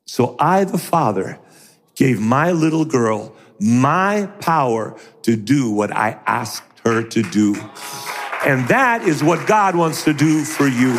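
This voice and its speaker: Animated preacher man with a lively voice. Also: mid-range voice, slow, in a large hall, a faint crowd. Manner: animated, acts out voices in quotes. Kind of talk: sermon.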